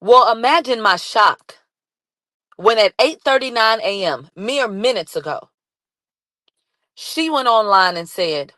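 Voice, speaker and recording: Excitable woman vlogger with a dry sound. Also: on the high side, takes it slowly, long pauses, no room sound. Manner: animated, shouts and laughs, reads chat aloud. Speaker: commentary vlogger. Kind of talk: excited live commentary.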